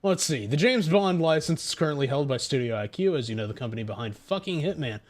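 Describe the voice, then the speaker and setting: A young man streaming a game and ranting to chat, profane and quick to anger. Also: on the high side, lively intonation. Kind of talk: casual gaming stream chat.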